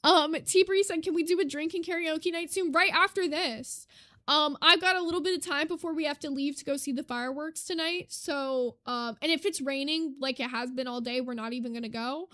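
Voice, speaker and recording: A young woman chats casually on her live stream and reads out comments, her voice high and bright. She gets excitable and swears casually, and the sound is close and dry with no room echo. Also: brisk. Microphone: desk mic.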